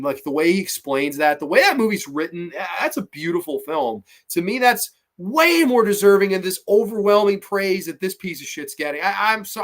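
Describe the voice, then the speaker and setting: A male horror podcast host chatting casually on a livestream. His voice sits a touch high, and he rants with plenty of swearing. He stammers and restarts whenever he gets heated. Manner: ranting, profane, animated, stammering restarts.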